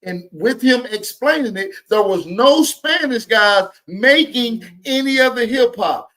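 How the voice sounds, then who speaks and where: A man's voice: extremely high pitch, expressive, unhurried, hardly any pauses, a bit bright. Emphatic man giving live reaction commentary. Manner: emphatic, repeats key phrases. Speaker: commentary host reacting to clips.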